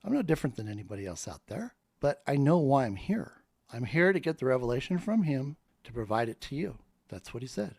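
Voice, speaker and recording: A man's voice: medium pitch, sing-song, brisk, vocal fry, a little mellow, no room sound, clean studio sound. A man in a fervent, preacher-like monologue that rambles from point to point. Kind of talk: spoken monologue.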